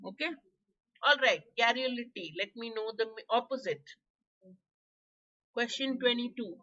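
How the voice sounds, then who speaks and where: Woman, Indian English accent, hoarse exam-prep teacher; bright, high voice, muffled stream audio. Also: a little slow. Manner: chatty, quizzing students by name, coughing. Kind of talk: live online vocabulary class.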